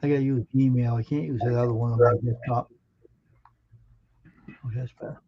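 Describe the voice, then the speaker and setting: A man's voice: mid-range voice, fairly even intonation, a little fast, muffled recording. A man co-hosting a livestream in easygoing, offhand casual chat.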